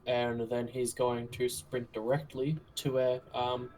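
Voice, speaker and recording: A man's voice: mid-range voice, little pitch movement, a little slow, darkish tone, faint music behind. A man playing a tabletop game, describing his character's actions in the third person. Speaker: player. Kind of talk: tabletop role-play.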